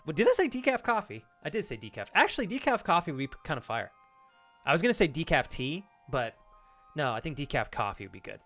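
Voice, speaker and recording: A man streaming live, chatting casually with his viewers and reacting to their messages, animated and hyped, with casual swearing. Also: on the high side, fast, faint music behind. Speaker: streamer reading chat.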